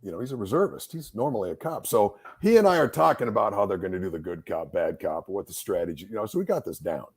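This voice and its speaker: A man's voice: on the low side, fast talker, hardly any pauses, breathy edge. A middle-aged man, a Marine reservist officer, telling a story in a casual interview and acting out the dialogue as he goes. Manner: animated storyteller who acts out quoted dialogue.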